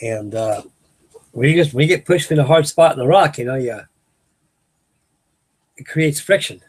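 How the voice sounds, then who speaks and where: A man's voice: medium pitch, lively intonation, measured pace, a little mellow, breathy edge. An older man, rambling folksily as host of a late-night live chat with his viewers. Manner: folksy, meandering, restarts sentences. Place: home at night.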